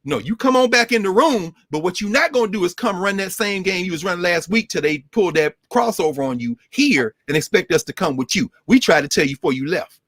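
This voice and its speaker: Brief: man, fairly high voice, dry close sound, passionate lecture-hall delivery. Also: animated, a little fast, fairly bright tone. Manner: impassioned, preacherly, big pitch swings. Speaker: regular guest scholar. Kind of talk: animated lecture-style talk.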